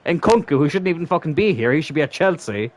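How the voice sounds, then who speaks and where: A young man commentating his own gameplay live, swearing constantly and swinging from exasperated outbursts to low muttering. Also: expressive, fast. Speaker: gaming channel host.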